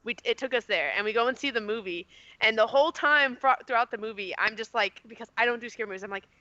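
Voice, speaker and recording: A woman's voice: a little high, lively intonation, fast talker, pushed and bright, no echo, dull audio. A woman from Indiana telling a long rambling story on a casual podcast, with lots of fillers and giggles. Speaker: podcast co-host.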